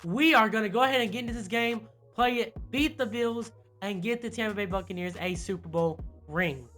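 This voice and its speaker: A young man giving casual, excitable play-by-play commentary on a football video game, with lots of fillers. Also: high-pitched, fairly quick, faint music behind. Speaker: gaming YouTuber.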